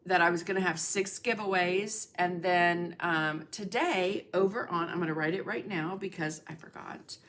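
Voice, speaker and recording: A woman's voice: on the low side, moderate pace, hardly any pauses, fairly bright tone, a little hiss or hum. A middle-aged woman hosting a casual art livestream, chatting and greeting viewers by name with lots of fillers. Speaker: livestream host, art instructor.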